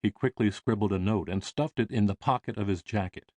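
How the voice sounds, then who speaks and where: A man reading an audiobook in measured, expressive scripted narration. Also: lowish voice, no room sound.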